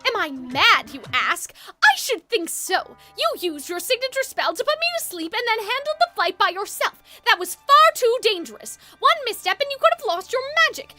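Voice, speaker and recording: A woman's voice: very high-pitched, sing-song, normal speed, few pauses, sharp tone, faint music behind, heavily acted. A woman voicing a strict, proud young male house warden who talks in a formal, clipped, stern way.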